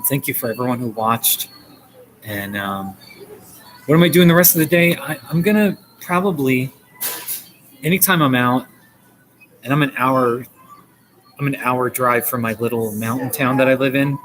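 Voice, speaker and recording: Streamer, male, New Jersey accent, chatty and joking, mid-pitched, faint coffee-shop ambience. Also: fairly bright tone, slight background noise, poor audio. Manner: chatty, joking, reads viewer comments. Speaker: live streamer. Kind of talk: casual live-stream chat.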